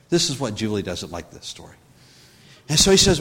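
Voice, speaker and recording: A man preaches a sermon in a high, very animated voice, full of swoops. He tells his story with restarts and asides, then climbs in force as he drives his point home. The sound rings with a long reverb, like a church sanctuary. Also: a little fast, breathy edge. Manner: rambling storytelling with many restarts, rising in force when preaching. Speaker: pastor.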